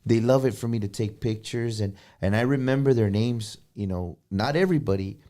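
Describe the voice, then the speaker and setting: A man, a guest musician, telling stories in a relaxed chat and dropping Spanish phrases in as he goes. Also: lowish voice, brisk. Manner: animated, drops Spanish phrases. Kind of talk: casual storytelling chat.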